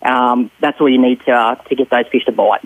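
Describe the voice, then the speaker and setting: A male Australian fisherman giving a radio fishing report, relaxed and rambling with lots of fillers. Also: mid-range voice, fairly quick, no echo, phone-quality sound.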